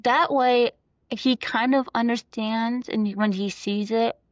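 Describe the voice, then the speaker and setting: A woman's voice: on the high side, steady tone, slow, dry recording. A woman in her thirties, an interview guest, talking with emotion and many fillers and restarts. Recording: dull, lo-fi dry recording.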